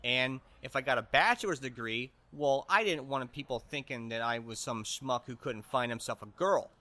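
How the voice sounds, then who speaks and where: A man playing a rambling deadpan crank. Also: medium pitch, normal speed, close to an everyday voice. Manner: meandering, deadpan, stumbling over words. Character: rambling self-important male humanitarian guest, conspiracy-minded. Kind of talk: improvised comedy podcast bit.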